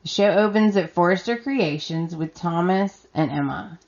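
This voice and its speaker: A woman's voice: lowish voice, normal speed, a little mellow, highs cut off. A woman hosting a podcast and recapping a soap opera in a chatty, exasperated way, acting out her own reactions. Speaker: podcast host.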